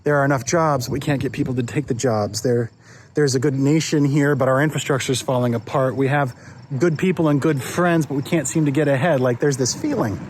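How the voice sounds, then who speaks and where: A man, a pastor, giving a short devotional talk in a relaxed, conversational way, often restarting and repeating words. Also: mid-range voice, brisk, slight background noise. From United States.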